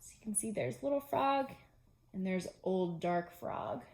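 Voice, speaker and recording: A woman, a pre-K teacher, reading a chapter book aloud to young children with clear, gentle pacing. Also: mid-range voice, expressive, slow, reverberant, a little hiss or hum.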